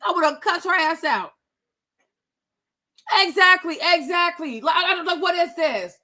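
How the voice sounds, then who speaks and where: A high-pitched woman, ranting in a casual, sassy way. She talks bluntly and profanely and mocks the people she talks about. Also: measured pace, bright, forceful tone. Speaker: commentator reacting to celebrity gossip. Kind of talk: casual rant.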